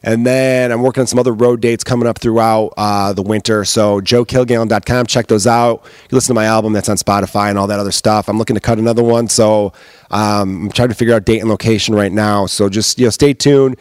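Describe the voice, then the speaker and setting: A comedian hosting his solo podcast, talking fast in a loose, heated rant full of swearing. His voice sits fairly low. The sound is close and dry, with no room around it. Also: fairly even intonation, clean tone, dry recording. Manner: profane, heated ranting.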